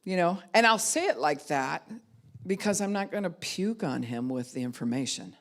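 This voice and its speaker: A woman's voice: fairly low pitch, lively intonation, normal speed. A middle-aged woman pastor giving a conversational teaching talk, speaking candidly and frankly and acting out the voices of people she quotes.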